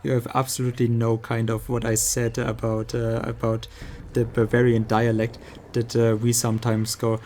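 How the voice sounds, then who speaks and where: A man with a German accent, a native German speaker, chatting casually with his audience while gaming and pausing often to search for words. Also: medium pitch, monotone, a little mellow, a little hiss or hum. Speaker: streamer.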